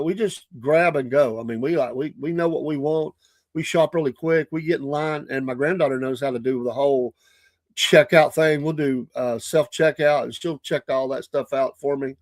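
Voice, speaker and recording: A man's voice: fairly high pitch, no echo, studio quality. An older man with a Southern US accent telling a casual story on his morning show, chatty and laughing often.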